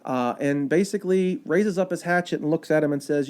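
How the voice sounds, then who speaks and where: A man narrates history as a podcast guest, lively and conversational, with plenty of fillers. His voice sits a bit high yet sounds mellow and relaxed. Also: brisk, hardly any pauses. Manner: animated, chatty storyteller with fillers and quoted asides. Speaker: park ranger guest. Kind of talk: casual storytelling of history.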